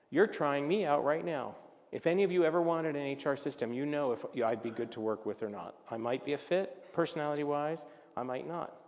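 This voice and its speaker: A man giving a business presentation at a luncheon, animated and jokey, acting out little voices as he talks. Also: fairly high pitch, big-room sound. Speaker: luncheon speaker. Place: event hall.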